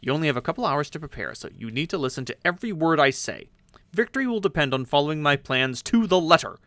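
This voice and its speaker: A man reading a webcomic aloud, voicing a brisk, impatient young leader briefing his team. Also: a little high, animated, a bit bright, dry recording. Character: bossy young leader running a war meeting.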